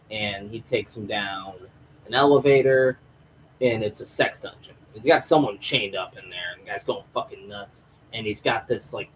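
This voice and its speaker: A man's voice: lowish voice, slight background noise, low-quality recording. A man hosting a live stream review of a TV episode, ranting and rambling in a casual, profane way into a home microphone.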